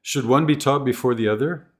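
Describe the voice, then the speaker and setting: Man, mid-pitch, scripted teacher-training narration; slows down to model example phrases clearly.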